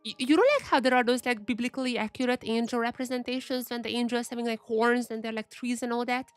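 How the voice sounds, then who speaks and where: A woman's voice: a little high, fairly even intonation, fast, no echo, faint music behind. A young woman streaming a game, chatting casually and thinking aloud as she reads the game's text. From Eastern Europe. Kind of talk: casual gameplay commentary.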